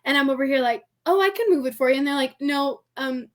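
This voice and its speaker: Talking fast, a high, light-voiced woman shares a story as a podcast guest in casual conversation. Her delivery is animated and full of laughter, heavy on "like" and "I'm like," with playful voices for anyone she quotes.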